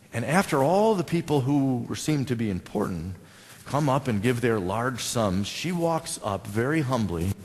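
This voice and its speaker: A male pastor with an American accent, preaching a conversational sermon and putting questions to his congregation. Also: medium pitch. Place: church sanctuary. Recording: long church reverb.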